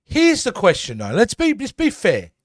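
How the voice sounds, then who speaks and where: High-voiced man on a dry mic. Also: huge pitch swings, moderate pace, no echo. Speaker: podcast co-host. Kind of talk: casual podcast chat.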